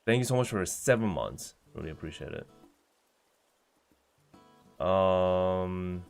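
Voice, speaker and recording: A man with a fairly low voice hosts a relaxed livestream. He reads out viewer messages and answers each one in a chatty, unhurried way. Soft guitar music plays faintly underneath. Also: gravelly, clean tone. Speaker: streamer reading chat. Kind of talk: casual livestream chat.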